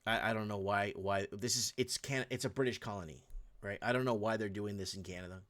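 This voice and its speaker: A man's voice: fairly low pitch, fairly even intonation, a little fast, fairly bright tone. A man hosting a show, giving casual, ranting commentary over video clips and talking straight to viewers. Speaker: host.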